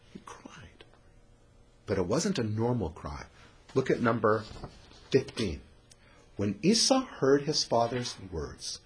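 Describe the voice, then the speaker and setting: A man teaching a scripture lesson, dramatic, swinging from loud to hushed. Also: medium pitch, slight background noise.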